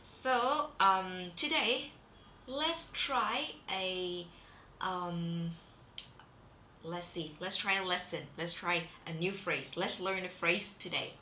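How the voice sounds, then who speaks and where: Vietnamese-accented female teacher, bright unhurried delivery, echoey room with faint hum; chatty livestream lesson. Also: fairly low pitch. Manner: chatty, with many fillers and restarts. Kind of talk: live-streamed class.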